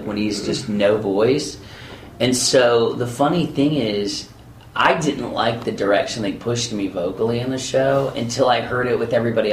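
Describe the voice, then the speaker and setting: A man with a fairly low voice tells backstage stories in an animated, conversational way, slipping into the voices of the people he quotes. He sounds like he is in an echoey room with faint ambient noise behind him. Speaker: voice actor guest. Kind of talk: anecdotal interview storytelling.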